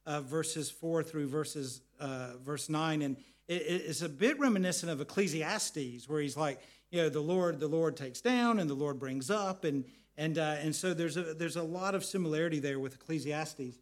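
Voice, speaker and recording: Middle-aged man, high-pitched, earnest preacher who repeats himself. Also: normal speed, few pauses. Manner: earnest, repeats words, tells family stories. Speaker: pastor. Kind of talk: sermon.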